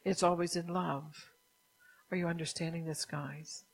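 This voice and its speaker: A woman preaching a sermon who keeps asking the listeners if they understand, sometimes dropping into a soft whisper. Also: lowish voice, fairly even intonation, a little slow, creaky, rough recording. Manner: drops at times into a soft whisper.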